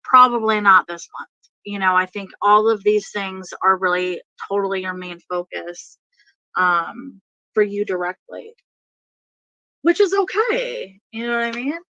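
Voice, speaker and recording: A woman gives a casual tarot reading to her channel at a slow, unhurried pace, rambling through plenty of fillers and breaking into frequent laughs. Her voice is bright and clear, and the recording is close and dry. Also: mid-range voice, no echo, dull audio. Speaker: tarot reader.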